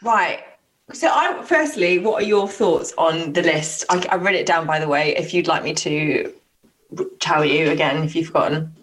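A woman's voice: sits low, moderate pace, a little hiss or hum. A woman co-hosting a podcast, bantering playfully and frankly with her co-host. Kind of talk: casual chat.

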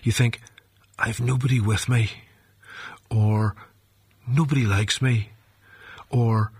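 A man's voice: mid-range voice, fairly even intonation, takes it slowly, a little mellow, husky. A man speaking earnestly to listeners, asking reflective questions.

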